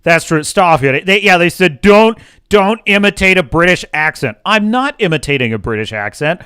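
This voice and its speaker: A man's voice: high voice, expressive, moderate pace, pushed and bright, smooth, dry recording, studio quality. A man hosting a livestream, reading chat aloud and ranting sarcastically with frequent swearing. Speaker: livestream host. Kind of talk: casual chat reading live chat.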